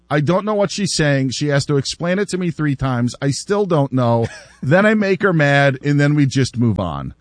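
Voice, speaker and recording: A man hosting sports talk radio, animated and laughing as he repeats himself. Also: fairly high pitch, no echo, studio quality. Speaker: radio host.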